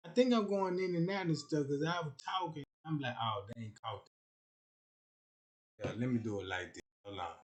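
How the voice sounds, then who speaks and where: A man's voice: on the high side, expressive, quick pace, hardly any pauses, darkish tone. Rambling man on a crude livestream rant. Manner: rambling and boastful, with frequent "you know what I'm talking about".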